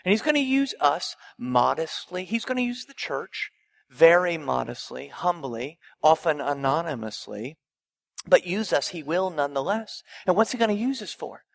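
A pastor delivers a sermon in a fairly high, gravelly voice. He builds his points through repetition and rhetorical questions and presses them home with emphasis. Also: animated, moderate pace, fairly bright tone.

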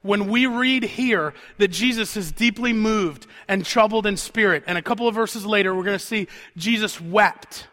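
A man preaching a conversational sermon who repeats words for emphasis and sinks to a quiet, intense tone on solemn points. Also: high voice, moderate pace, hardly any pauses.

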